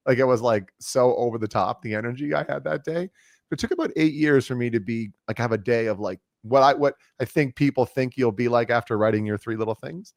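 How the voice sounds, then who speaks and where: A man hosting an interview, telling a rambling personal story with lots of fillers and animated asides. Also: mid-range voice, a little fast, no echo, studio quality. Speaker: host. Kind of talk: casual interview chat.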